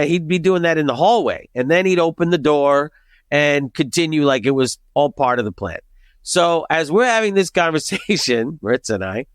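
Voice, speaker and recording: A man in his fifties telling a comic personal story, animated and profane, acting out the people in it. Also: on the high side, no room sound, clean studio sound. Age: 50s. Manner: animated, profane, acts out quoted voices. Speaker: storyteller guest.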